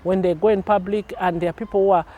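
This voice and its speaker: Lively woman pastor. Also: mid-range voice, quick pace. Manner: lively, laughs and acts out quotes. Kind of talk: teaching talk on a TV show.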